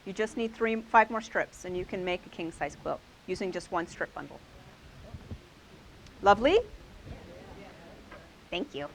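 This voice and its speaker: A woman's voice: on the low side, lively intonation, a little slow, long pauses, rough recording. A woman hosting a quilting class, showing quilts to a live group and praising each one with enthusiasm. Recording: faint hiss.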